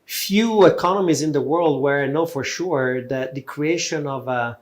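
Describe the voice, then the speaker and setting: Halting male interview host. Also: on the high side. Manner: halting, many fillers and restarts. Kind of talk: conversational interview.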